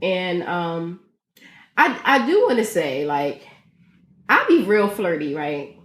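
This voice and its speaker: A woman co-hosting a podcast tells stories in relaxed chat, swearing freely and acting out what people said with animated energy. Her voice sits on the low side, her pace is slow, and the sound is roomy.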